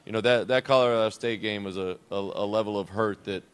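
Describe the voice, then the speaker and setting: A man with a low, smooth and resonant voice, talking as a head basketball coach on a call-in style show. He speaks in a relaxed, reflective and unscripted way. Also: fairly quick. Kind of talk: conversational coach's show interview.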